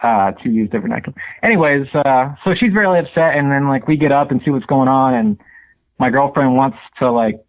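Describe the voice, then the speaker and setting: A male caller with a mild, soft-spoken and slightly formal way of talking, telling a story over the phone. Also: medium pitch, a little fast. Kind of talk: casual phone call storytelling. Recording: tinny phone line.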